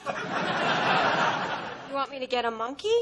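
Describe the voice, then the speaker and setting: A woman's voice: high voice, expressive, unhurried, a loud crowd, very noisy. A woman playing an earnest, self-absorbed sitcom sister. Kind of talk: sitcom acting.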